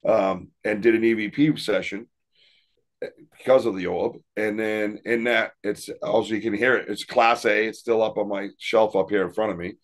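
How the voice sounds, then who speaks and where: A man's voice: fairly low pitch, steady tone, moderate pace. A man and paranormal investigator telling stories in a casual interview, rambling and laughing often. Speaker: paranormal investigator and podcast guest.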